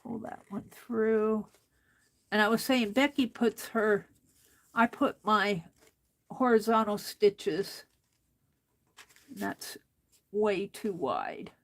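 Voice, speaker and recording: A woman's voice: mid-range voice, slow pace, pauses often. A woman hosting an art journaling demonstration, talking to herself as she stitches in a book and getting mildly frustrated. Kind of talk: casual crafting demonstration.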